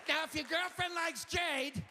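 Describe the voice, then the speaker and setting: A man putting on a high-pitched, pushy home-shopping jewelry seller with a sing-song sales patter. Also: a little slow, a crowd in the background, background noise. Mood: gushing.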